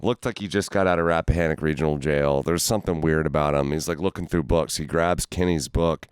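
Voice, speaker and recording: A man hosting an interview, telling stories in a loose, profane, animated way. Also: very deep voice, fairly quick, clean tone, no echo, studio quality. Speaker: interview host. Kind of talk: casual conversation.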